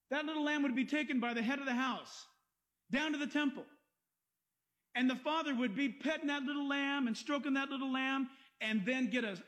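A man with a strikingly high voice preaches a sermon. He talks to the congregation in a lively, conversational way and breaks into acted-out quotes and asides. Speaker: pastor.

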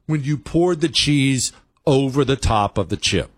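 A man's voice: mid-range voice, animated, a little slow, dry recording, clean studio sound. A middle-aged man hosting a talk show, ranting emphatically and with exasperation, turning to a co-host now and then. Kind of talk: animated comedic rant.

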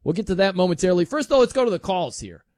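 Man, sports radio host, high voice swinging all over, dry studio sound, chatty. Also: rapid-fire, no echo. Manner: animated, chatty, jokey asides. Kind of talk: casual radio talk.

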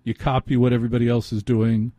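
A man's voice: medium pitch, level tone, quick pace, warm tone, no room sound. A man hosting a late-night call-in radio show, telling a self-deprecating story into a studio microphone.

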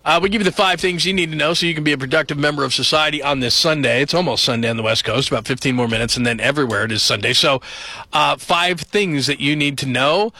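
Bright-voiced rambling radio host. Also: male voice, fairly high pitch, quick pace, dry recording. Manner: rambling, joking, chatty. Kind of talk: late-night sports talk. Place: radio studio.

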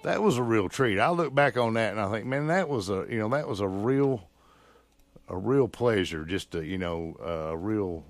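A man's voice: lowish voice, normal speed, no echo, soft background music. A male local radio host chatting in a folksy, rambling way, full of fillers and restarts. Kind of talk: casual local radio chat. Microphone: studio microphone.

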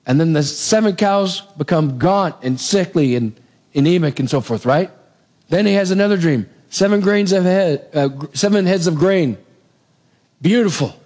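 A middle-aged man preaching a sermon, retelling a Bible story with animated storytelling and acting out the lines of its people. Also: sits high.

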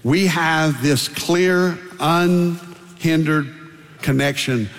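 Older man, pastor, emphatic sermon, repeats phrases in lists, high voice, long hall reverb. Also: drawn-out words.

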